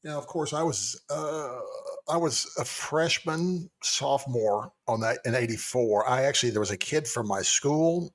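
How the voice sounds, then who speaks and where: A man's voice: medium pitch, a little slow. A man in his fifties co-hosting a podcast, rambling and chuckling through casual chat. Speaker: podcast co-host.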